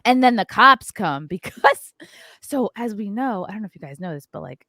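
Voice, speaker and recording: A woman's voice: medium pitch, lively intonation, moderate pace, bright, forceful tone, no echo. A woman hosting a podcast, telling a story with lots of "like" fillers and acting out what people said. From New York area. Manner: acts out quotes, frequent "like" fillers. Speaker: podcast host. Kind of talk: animated storytelling chat.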